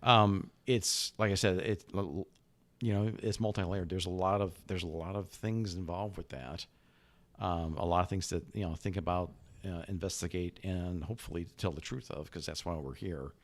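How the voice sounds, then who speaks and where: A man's voice: sits low, steady tone. A man co-hosting a podcast about the outdoors, chatting casually and often restarting his sentences. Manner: halting, many restarts and repeated words. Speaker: podcast co-host.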